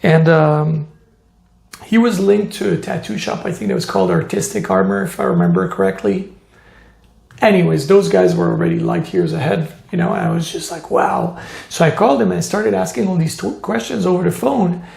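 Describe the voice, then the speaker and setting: A man tells his story in an interview, his voice pitched high and deeply gravelly. He talks animatedly, slipping into the voices of the people he quotes and scattering "you know" through his sentences. The recording carries a noticeable room echo. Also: brisk, a little mellow. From Montreal, Canada. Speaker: tattoo artist.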